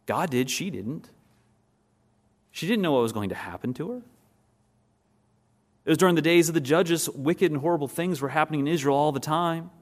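A man preaching a sermon and teaching from a text. He asks the listeners questions, then answers them, and slows down and softens on key words. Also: fairly high pitch, lively intonation. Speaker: pastor.

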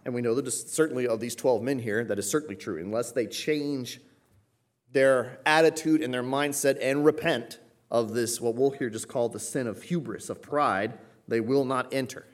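A man's voice: medium pitch, moderate pace. Man preaching an earnest expository sermon. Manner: earnest teaching with emphatic rises on key words. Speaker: pastor.

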